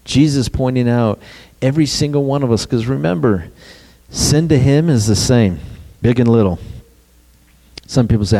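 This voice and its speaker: Male pastor, mellow warm tone, preaching a sermon with rhetorical questions. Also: medium pitch, normal speed, long pauses.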